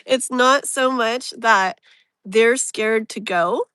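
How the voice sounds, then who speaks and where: A woman's voice: a little high, slow pace, fairly bright tone, smooth, no echo. A woman hosting a casual live tarot reading, rambling and emotionally open, with lots of fillers. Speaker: tarot reader, live stream host.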